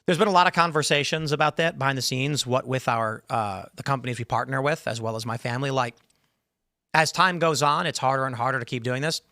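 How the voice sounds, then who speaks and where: A man in his thirties hosting a casual talk show, rambling and animated as he reads chat questions and mimics AI replies. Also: mid-range voice, fast, dry recording, studio quality. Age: 30s. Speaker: podcast host.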